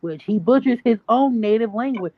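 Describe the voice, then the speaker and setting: A woman's voice: fairly high pitch, animated, moderate pace, phone-quality sound. A woman panelist talking emphatically and repeating herself to drive a point home.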